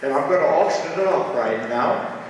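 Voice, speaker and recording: A man in his seventies from Ohio, telling folksy stories at a charity fundraiser in a halting, rambling way with many filler sounds. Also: on the high side, expressive, a little hiss or hum. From Ohio, USA. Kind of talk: folksy personal storytelling. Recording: echoey hall, distant mic.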